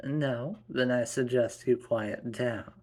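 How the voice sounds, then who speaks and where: A man's voice: mid-range voice, fairly even intonation, slow pace, darkish tone. A man voicing a stern young mother and wife, scolding in a raised voice.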